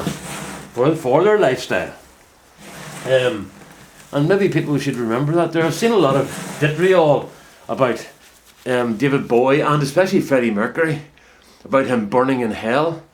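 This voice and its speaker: A man's voice: medium pitch, lively intonation, normal speed, slight background noise. Rambling middle-aged man in a greenhouse. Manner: rambling, reflective, chatty. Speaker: home potato grower vlogger. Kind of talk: casual talk to camera. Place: inside a greenhouse.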